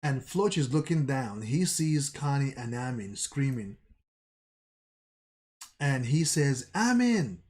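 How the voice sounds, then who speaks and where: Male manga reader, slow narration, restarts lines, mid-pitched. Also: darkish tone. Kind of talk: reading a manga aloud.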